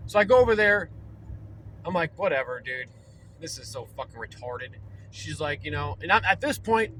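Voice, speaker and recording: A man's voice: high-pitched, a little hiss or hum, rough recording. A young man ranting angrily and profanely from inside his car. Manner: heated, profane, talks fast and loud. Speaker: vlogger. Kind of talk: angry rant.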